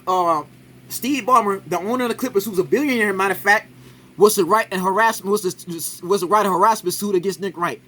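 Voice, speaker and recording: Male reaction commentator, high bright voice, argumentative, peppers lines with "right?". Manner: argumentative, keeps adding "right?". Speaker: commentator reacting to a sports clip.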